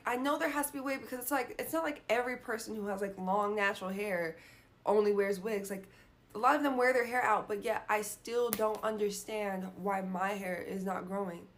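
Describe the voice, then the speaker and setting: A young woman venting in a casual monologue, frustrated, swearing often and filling her talk with "like". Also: medium pitch. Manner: frustrated, frequent "like" fillers and swearing. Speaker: vlogger.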